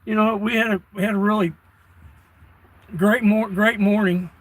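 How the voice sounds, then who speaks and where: A man's voice: high voice, steady tone, moderate pace, fairly bright tone, no room sound, low-quality recording. An older man chatting casually on a livestream, folksy and given to rants, reading his chat off a tablet. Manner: folksy, ranting. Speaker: live streamer.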